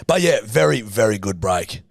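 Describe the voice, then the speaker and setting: A man's voice: on the low side, moderate pace, creaky, no echo, clean studio sound. A man with an Australian accent, co-hosting a podcast, telling sweary stories in casual banter. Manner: sweary, animated storyteller, acts out quoted voices. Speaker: podcast co-host.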